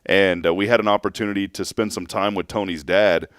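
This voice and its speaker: A man co-hosting a talk show, telling anecdotes in an animated way and laughing often. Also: low voice, fairly quick, clean tone, no room sound, clean studio sound. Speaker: radio show co-host. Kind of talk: casual on-air chat.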